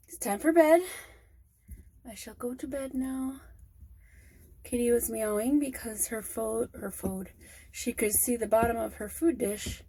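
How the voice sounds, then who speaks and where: A woman's voice: a little high, slow pace, long pauses, darkish tone, breathy edge. A woman vlogging at home, chatting casually and rambling aloud to herself as she goes about her day. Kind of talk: casual chat. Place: at home indoors.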